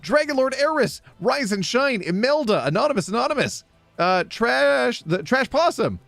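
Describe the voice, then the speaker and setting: A man's voice: very high voice, sing-song, normal speed, creaky, fairly bright tone, no room sound, faint music behind. A man hosting a charity livestream, rattling off donor names, stumbling over spellings and tossing in chatty asides. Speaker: livestream host reading out donors. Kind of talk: charity livestream, rapid name roll call.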